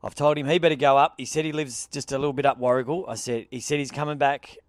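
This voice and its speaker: A man's voice: mid-range voice, fast talker, no room sound, studio quality. A young Australian man co-hosting a podcast, telling a story in casual chat, laughing often and acting out the voices of the people in it. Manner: animated storyteller, laughs often, acts out quotes. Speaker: podcast co-host.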